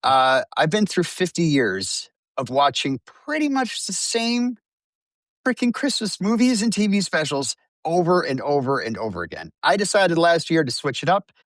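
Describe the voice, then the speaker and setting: A man's voice: fairly high pitch, very animated, moderate pace, a bit bright, no room sound. A man in his fifties chatting casually as a podcast co-host, wry and self-mocking, laughing often. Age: 50s. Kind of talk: casual chat.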